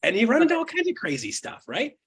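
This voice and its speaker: A man leading a live seminar for real estate agents, energetic and blunt, swearing casually, laughing often and checking in with "right?". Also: extremely high pitch, fast talker, gravelly, breathy edge. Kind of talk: live seminar talk to an audience.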